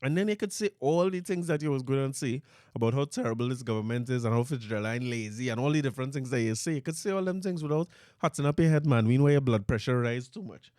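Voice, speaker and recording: A middle-aged man with a Trinidadian accent hosts a podcast from a studio, telling rambling comedic stories and laughing often. His medium-pitched, slightly mellow voice has lively intonation and a fast pace. The recording is dry.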